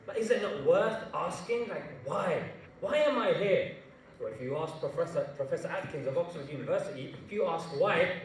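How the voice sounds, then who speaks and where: High-pitched man in an echoey hall. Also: normal speed, a little hiss or hum. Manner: animated, jokey, slangy storytelling. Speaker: invited speaker. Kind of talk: public talk to students. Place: large university hall. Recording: echoey hall, mic far off.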